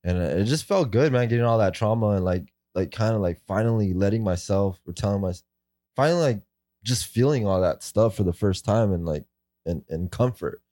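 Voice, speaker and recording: Low, dark-voiced man rambling casually. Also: lively intonation, fairly quick, dry recording. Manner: rambling, fillers and profanity. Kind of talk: casual chat.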